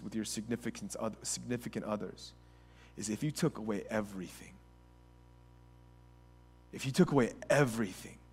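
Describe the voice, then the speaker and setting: This pastor speaks at a medium pitch with a slightly rough voice. His sermon moves from calm, reflective moments into fervent, almost shouted stretches, and he frequently restarts and repeats his phrases.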